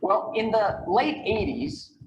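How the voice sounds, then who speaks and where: A man with a high voice delivers a motivational keynote, building his points through stories, rhetorical questions and repeated lists. His voice is played from a video over a call, so it sounds echoey with a steady hum of background noise. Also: slow pace, vocal fry. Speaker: keynote speaker on time management.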